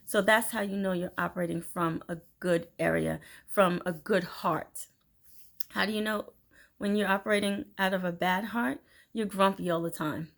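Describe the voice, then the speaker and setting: A woman speaking in a loose, chatty monologue about how to live well. Her voice sits at an ordinary pitch with a noticeable gravelly fry. She animates her points by slipping into the voices of the people in her stories. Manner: chatty, animated storytelling with laughs and acted-out quotes. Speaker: inspirational speaker. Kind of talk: casual motivational monologue.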